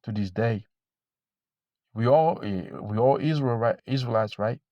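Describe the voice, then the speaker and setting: A man preaching informally to camera, blunt and profane, repeating himself and reading scripture slowly. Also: medium pitch, mellow, no room sound, dull audio. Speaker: religious teacher.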